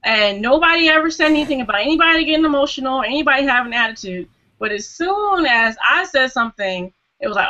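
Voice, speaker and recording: Woman guest in a video chat, earnest, lots of "you know"s, sharp bright tone, kinda muffled call audio. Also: fairly high pitch, expressive, brisk. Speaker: hangout panel guest. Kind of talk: casual group discussion. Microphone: video call microphone.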